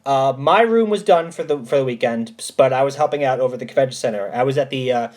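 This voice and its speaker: A man hosting a casual livestream, answering chat and telling stories in an emphatic, animated way with plenty of swearing. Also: mid-range voice, fast talker.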